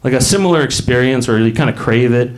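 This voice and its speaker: A man's voice: mid-range voice, fast talker. A man in his late thirties doing a stand-up comedy set in a club, rambling and self-mocking, bursting into acted voices. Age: late 30s.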